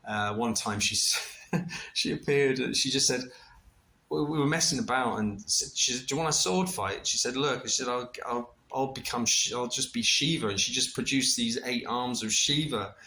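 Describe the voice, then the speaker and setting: A middle-aged man casually recounting a personal experience, animated and full of restarts, with laughter and the odd swear. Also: mid-range voice, normal speed, a little hiss or hum. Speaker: vlogger recounting a ceremony experience.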